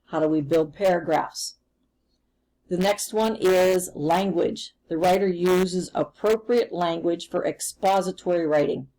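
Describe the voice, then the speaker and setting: A woman's voice: fairly low pitch, unhurried, mellow, rough recording. A woman teacher recording a remote lesson, explaining patiently and step by step.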